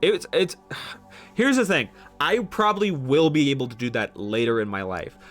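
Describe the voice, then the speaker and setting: Animated, swearing young streamer man. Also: mid-range voice, moderate pace, soft background music. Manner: animated, swears casually, rambling with restarts. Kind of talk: live-stream chat, rambling monologue.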